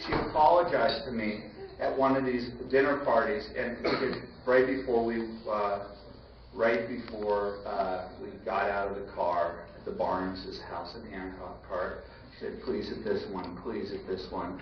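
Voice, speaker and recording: A man in his forties giving a lively banquet speech full of quick asides and restarts. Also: lowish voice, distant mic. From United States. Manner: animated storytelling, rapid asides and repetitions. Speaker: banquet keynote speaker. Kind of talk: live speech with anecdotes. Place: large banquet hall. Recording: echoey, dull banquet-hall recording with noise.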